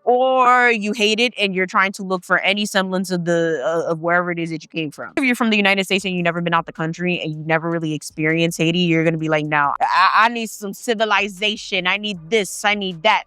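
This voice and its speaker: A woman tells a paranormal story in a chatty, casual way, swearing freely and speaking straight to her viewers. Her lowish, slightly bright voice is clean, and she talks fast with few pauses. It's studio quality, with no room sound.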